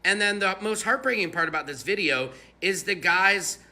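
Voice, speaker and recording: Bright, sarcastic man commentator. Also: sits high, moderate pace. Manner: sarcastic, mocking, animated. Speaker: online commentator.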